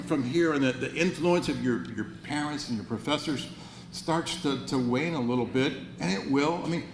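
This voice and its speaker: A man's voice: mid-range voice, a little mellow. A man in his sixties delivers an earnest, wry motivational speech in a roomy banquet hall. He often repeats and restarts words as he goes. A faint hum sits under his voice. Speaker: banquet speaker.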